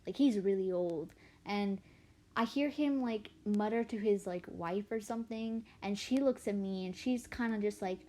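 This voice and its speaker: A woman's voice: mid-range voice, normal speed. A young woman in her late teens, chatting casually while drawing on a livestream, rambling and self-deprecating as she tells stories. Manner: chatty and animated, voice swinging up and down. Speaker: artist livestreamer.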